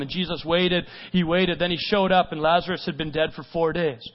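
High-voiced man preaching a sermon. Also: steady tone, brisk, lo-fi sound. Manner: swings between loud urgent stretches and hushed quiet ones; asks repeated rhetorical questions. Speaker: pastor.

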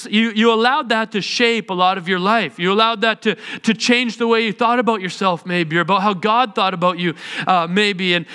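A man with a high, bright, ringing voice delivers a sermon in a casual, story-driven way, drifting into humor as he talks. His words carry a long reverb from a large church hall. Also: smooth. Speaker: pastor.

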